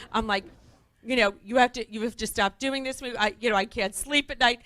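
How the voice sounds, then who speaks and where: A middle-aged woman, a guest entrepreneur on a talk show, telling lively stories and acting out the voices of people she quotes. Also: on the high side, fairly quick. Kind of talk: animated storytelling on a talk show.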